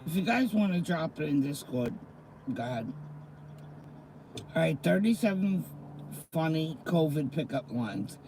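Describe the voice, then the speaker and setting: A middle-aged man hosts a casual livestream, speaking slowly and easily in a slightly high, mellow voice. He's expressive, greets viewers by name and reads slang definitions aloud. The audio is poor, with faint noise beneath his voice.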